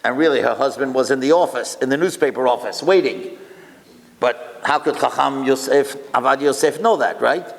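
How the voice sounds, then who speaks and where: A man, a rabbi, telling stories to an audience in an animated way, full of rhetorical questions and Hebrew and Yiddish terms. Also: medium pitch, moderate pace, vocal fry, long reverb tail. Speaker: rabbi and lecturer. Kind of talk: storytelling speech to an audience.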